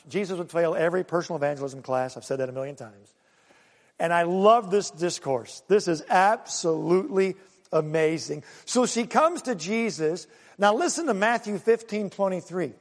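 A male pastor preaching a sermon, swinging between loud calls and quiet low asides. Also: long reverb tail.

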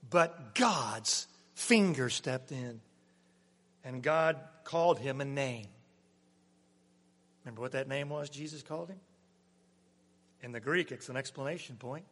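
High-voiced man preaching in a reverberant hall. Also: animated, moderate pace, pauses often. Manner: dramatic swings from loud emphasis to hushed near-whisper. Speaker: pastor. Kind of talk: sermon.

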